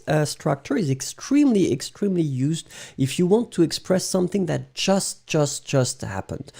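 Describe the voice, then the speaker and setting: French-accented teacher with a gravelly voice. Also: male voice, fairly high pitch, warm tone. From France. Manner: friendly, greets students by name, mixes French into English. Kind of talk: live online language lesson.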